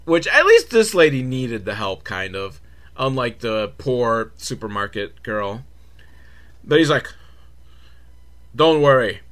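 A man's voice: medium pitch, sing-song, a little slow, a bit bright. A man hosting a comedic film recap, talking sarcastically and profanely with laughing asides. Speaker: host.

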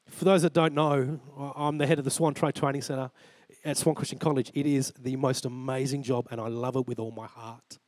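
A man's voice: a little high, a little mellow, no room sound. A man in his forties with an Australian accent, preaching a sermon and telling a personal story, acting out conversations with God. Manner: earnest storytelling, acts out dialogue with God. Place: church.

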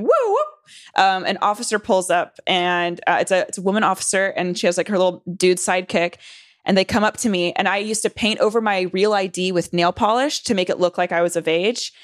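This is casual storytelling from a Southern California woman in her twenties: rambling, profane, full of fillers and restarts, with quoted voices raised in pitch. The sound is clean studio with no room noise.

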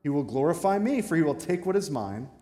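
A man's voice: fairly high pitch, sing-song, fairly quick, dark tone. A man preaching a sermon as pastor, talking conversationally and turning to the congregation with asides. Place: church sanctuary. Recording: echoey hall with long reverb.

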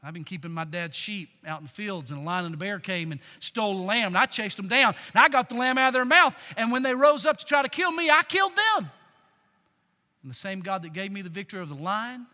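A man's voice: high-pitched, lively intonation, fast talker, pushed and bright, heavily acted. A man voicing a bold young shepherd facing a giant, defiant and sure of himself. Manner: defiant, boastful. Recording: long hall reverb.

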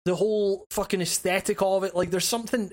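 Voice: medium pitch, fairly even intonation, brisk. Stammering casual gaming podcast co-host. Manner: hesitant, stammering restarts, casual swearing.

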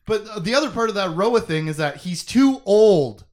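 A man co-hosting a casual book chat, recapping scenes in an animated, joking way. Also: high-pitched, moderate pace. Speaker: podcast co-host.

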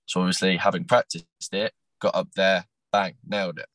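Low-voiced man telling a story. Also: moderate pace, no echo, low-quality recording. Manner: animated storyteller, acts out quotes, frequent restarts. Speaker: podcast guest, former talent show contestant. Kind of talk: casual interview storytelling.

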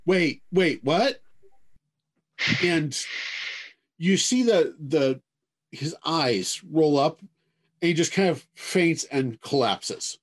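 A man's voice: a little high, expressive. A man narrating a tabletop game as game master, telling the scene with many hedges. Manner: drawn-out storytelling with many hedges.

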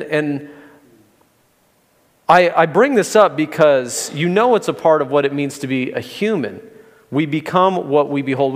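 A man preaching a sermon as pastor, in a conversational way with gentle humor. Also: a little high, in a large hall. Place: church sanctuary.

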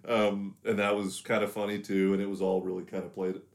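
A man's voice: low voice, flat delivery, brisk. A young man from the American South, casually talking over a film as podcast co-host, rambling with lots of fillers. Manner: rambling, many fillers and hedges. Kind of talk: casual film review chat.

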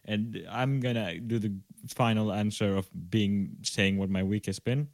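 A man's voice: on the low side, steady tone, unhurried, no echo. A young man co-hosting a podcast over a video call from home, filling time with loose, jokey, rambling chat and casual swearing. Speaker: podcast co-host. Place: home room.

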